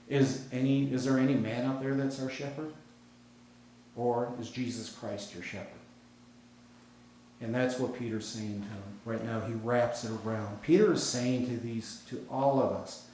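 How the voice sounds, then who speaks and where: Folksy preacher in a very echoey church. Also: male voice, medium pitch, steady tone, a little slow, warm tone, a little hiss or hum. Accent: American. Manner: conversational storytelling preacher, folksy asides. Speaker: pastor. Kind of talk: sermon. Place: church sanctuary.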